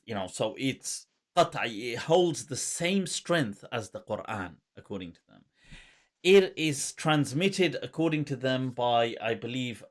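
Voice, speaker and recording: A man hosting a casual podcast conversation, talking animatedly with frequent laughter and scholarly asides. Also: mid-range voice. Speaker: host.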